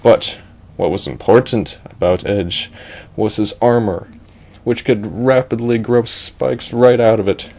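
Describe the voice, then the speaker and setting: A man's voice: on the low side, a little slow. A man improvising a goofy comic story in a rambling, offhand way, breaking off for asides.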